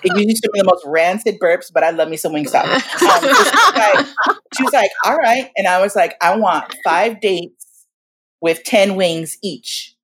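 A woman in her forties, guest in a casual interview, telling stories in an animated, slangy way and acting out what people said. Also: mid-range voice, normal speed, heavy background noise. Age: 40s. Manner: animated, slangy, acts out quotes.

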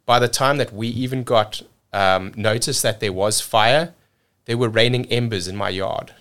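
A man from South Africa telling a story as a podcast guest, energetic and repeating words as he rushes on. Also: fairly low pitch. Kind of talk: casual storytelling.

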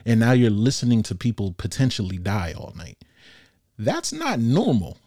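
A man's voice: mid-range voice, huge pitch swings, normal speed, a little mellow, no echo, clean studio sound. A young man hosting a solo podcast, telling a personal story in a casual, blunt, slangy way and laughing often. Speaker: podcast host.

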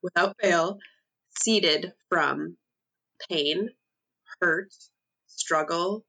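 A woman co-hosting a casual podcast chat over a remote call, reassuring and reflective and quick to laugh. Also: fairly low pitch, creaky, pushed and bright. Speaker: podcast co-host.

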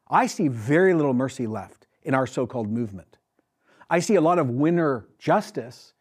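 A man's voice: mid-range voice, a little mellow, husky. A male pastor preaching a sermon to his congregation, emphatic and asking them questions. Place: church with a congregation.

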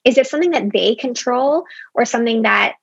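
A young woman speaks as a company founder in a relaxed interview, candid and chatty, dropping "like" all through. Her fairly high voice carries a gravelly fry. The sound is close and dry. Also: a little fast, dry recording, dull audio. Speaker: app company founder as guest. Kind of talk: casual interview conversation.

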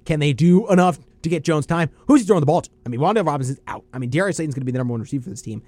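A young man co-hosts a casual sports chat, his voice sitting a little high and swinging widely in pitch. He laughs easily and trades quick back-and-forth banter. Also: expressive, a little mellow. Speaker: co-host of a sports podcast.

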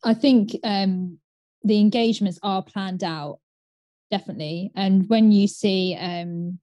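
A woman co-hosting a casual chat, relaxed and newsy with frequent fillers. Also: mid-range voice, a little slow, no room sound, highs cut off. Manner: relaxed, newsy, many "um" and "obviously". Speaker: co-host.

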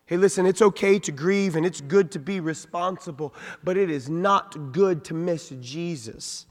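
A man, a senior pastor, preaching a sermon, reading scripture in old-fashioned wording and swinging from soft asides to loud peaks. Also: fairly high pitch, normal speed. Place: church sanctuary. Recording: long reverb of a large church hall.

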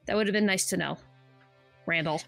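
A woman's voice: on the low side, fairly quick, creaky, fairly bright tone, no room sound, soft background music. A woman playing a tabletop game, blunt and exasperated, swearing freely. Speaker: player. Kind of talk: casual tabletop play.

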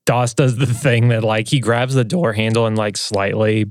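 A man playing a tabletop game with friends. He talks in a teasing, animated way. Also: lowish voice, normal speed, no echo, clean studio sound.

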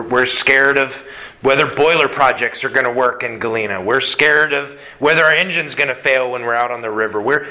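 A man preaching a sermon as pastor, earnest and animated, with quick asides between scripture readings. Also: on the high side, poor audio.

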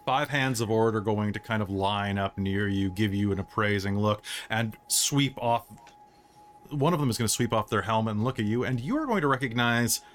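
A man's voice: on the low side, expressive, moderate pace, a bit bright. Casual male game master narrating. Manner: casual, chatty, many fillers.

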